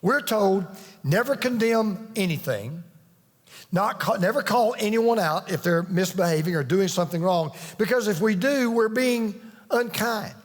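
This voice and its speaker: A man's voice: high-pitched, animated, a little slow. A man preaching a sermon as pastor, telling stories earnestly and pressing his points with emphatic repetition. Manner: earnest storytelling, emphatic with restarts. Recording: long reverb of a large hall.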